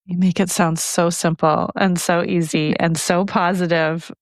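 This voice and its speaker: A woman's voice: lowish voice, flat delivery, unhurried, dry recording. A woman co-hosting a podcast interview, giving short encouraging reactions to her guest. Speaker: podcast co-host.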